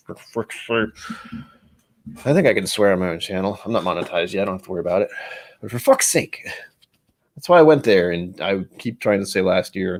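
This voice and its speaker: A man hosting a casual whiskey-tasting livestream, rambling and self-deprecating as he thinks aloud. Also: sits low. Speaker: whiskey channel host.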